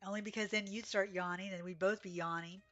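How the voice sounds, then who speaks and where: A woman's voice: mid-range voice, fairly even intonation, brisk, a bit bright, muffled recording, faint music behind. A woman live-streaming a horse game, chatting casually with viewers, sleepy and yawning, with little gasps and exclamations. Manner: chatty, reads chat aloud, gasps and exclaims.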